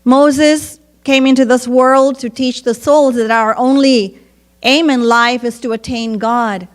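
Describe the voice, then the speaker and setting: A woman preacher telling a devotional story in an earnest, measured sermon. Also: fairly high pitch, steady tone.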